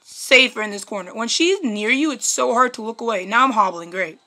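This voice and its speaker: A woman's voice: a little high, fairly quick, bright, forceful tone. A young woman playing a horror game on video, shrieking at each scare and then muttering to herself, her voice strained from screaming. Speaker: gaming YouTuber. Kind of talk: horror game let's play commentary.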